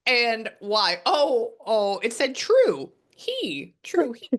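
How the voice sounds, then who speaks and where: A woman's voice: a little high, wildly swooping pitch, drawn-out words. A woman working as a psychic medium, talking casually and rambling through a spirit reading, with the odd swear word.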